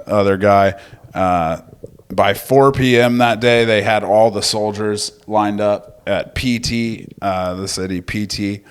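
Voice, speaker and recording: A man's voice: fairly low pitch, clear, resonant tone. A man co-hosting a casual history podcast, telling the story loosely and swearing now and then. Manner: laid-back storytelling, acts out quotes, swears freely. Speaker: podcast co-host.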